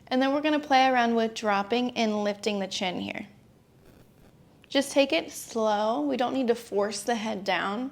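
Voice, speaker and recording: A young adult woman teaching a gentle yoga class, giving calm, encouraging step-by-step cues. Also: fairly high pitch, measured pace, creaky. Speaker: yoga instructor.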